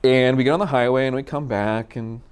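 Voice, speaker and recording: A man from Minnesota telling a personal story in a casual, animated way, acting out the dialogue. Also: mid-range voice, fairly quick, clean tone. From Minnesota, USA. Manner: animated, acts out quoted dialogue. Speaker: storyteller guest.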